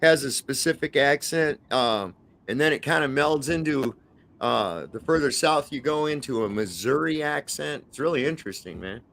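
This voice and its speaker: A man's voice: mid-range voice, animated, normal speed, vocal fry, a bit bright. Male panel guest, crude and rambling, casual chat. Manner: crude, rambling, says "man" a lot. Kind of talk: casual live-stream chat.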